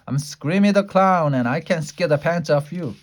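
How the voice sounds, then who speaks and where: A man's voice: mid-range voice, lively intonation, a little fast, a little mellow, close to an everyday voice. A man voicing a chatty, bossy little first-grade girl who complains bluntly and fussily. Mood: hollering. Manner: blunt, fussy kid complaining.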